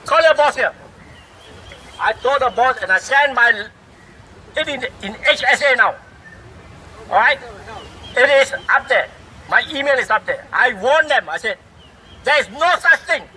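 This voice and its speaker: A man's voice: very high voice, animated, a little slow, pauses often, pushed and bright, slight background noise, low-quality recording. A middle-aged man with a Singaporean English accent giving a fiery, rhetorical speech that scolds the government, recorded outdoors in a city. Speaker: speaker at a public rally. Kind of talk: impassioned public speech.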